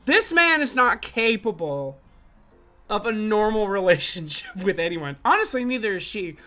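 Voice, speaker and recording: A woman's voice: mid-range voice, sing-song, normal speed, pushed and bright, soft background music. A young woman streamer giving giggly, gushing let's-play commentary as she reads a story game aloud. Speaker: gaming streamer.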